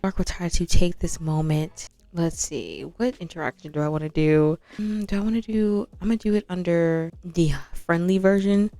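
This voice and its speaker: A woman's voice: on the low side, moderate pace, hardly any pauses, warm tone, no echo. A young woman giving casual, slangy commentary while playing a life-sim game. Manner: chatty, slangy, narrates and voices sims. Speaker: gaming channel host. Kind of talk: casual let's-play commentary. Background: background music.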